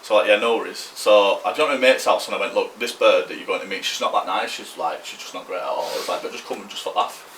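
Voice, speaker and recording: A man's voice: fairly low pitch, fast, hardly any pauses, fairly bright tone, roomy sound, far from the mic, a little hiss or hum. A man, telling a rambling story on a podcast, slangy and swearing freely. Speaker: podcast co-host. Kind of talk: casual storytelling.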